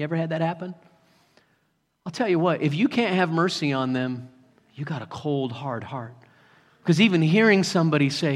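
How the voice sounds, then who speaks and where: A man preaching to his congregation in a high, ringing voice, carried by the long reverb of a large hall. His delivery swings from loud, emphatic passages down to near whispers. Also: animated, normal speed, pauses often. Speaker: pastor. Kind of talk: sermon.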